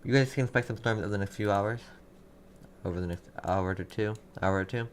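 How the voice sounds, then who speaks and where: A man's voice: on the low side, brisk, slight background noise. A young man hosting a casual live weather stream from his desk, reading viewers' comments and repeating town names as he gives storm alerts. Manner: casual, distracted, repeats place names from chat. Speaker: livestream weather host.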